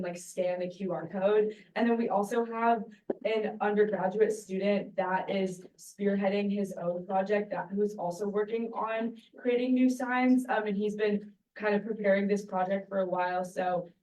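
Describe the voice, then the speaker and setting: Mellow young woman reporting, distant and echoey. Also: medium pitch. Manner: relaxed, hesitant, many fillers. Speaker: fund representative giving a report. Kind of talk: informal report and Q&A. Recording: echoey room, distant mic.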